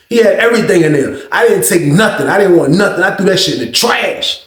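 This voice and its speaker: A man telling a profane prison story in a casual, animated way, acting out the other people's voices. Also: high voice, quick pace, hardly any pauses. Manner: animated, acts out others' voices, heavy cursing. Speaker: storyteller vlogger. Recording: echoey room.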